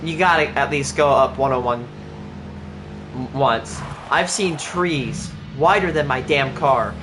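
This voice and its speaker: A man's voice: mid-range voice, unhurried, background noise. A man chatting casually on a livestream while he plays, rambling with lots of "like" and restarts. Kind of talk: casual chat while playing a game on stream. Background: clear background music.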